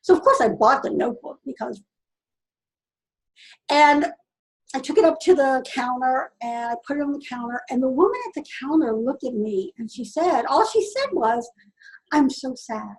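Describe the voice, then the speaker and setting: High-voiced woman telling a personal story. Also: lively intonation, poor audio. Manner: earnest, halting, full of restarts. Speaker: vlogger.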